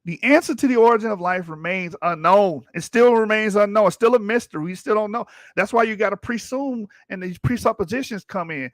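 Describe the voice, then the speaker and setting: A man with a high, fairly bright voice talks a little fast with few pauses while hosting a livestream. He reads textbook passages aloud, then argues with them combatively and profanely, intensifying over time. His streaming mic gives studio-quality sound with no room noise.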